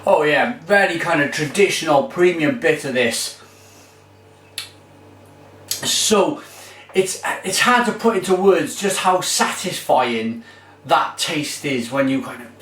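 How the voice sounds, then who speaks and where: A man's voice: a little high, slow pace, fairly bright tone. A man giving a casual, enthusiastic beer tasting review. He rambles with fillers as he talks. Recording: roomy echo, mic far off.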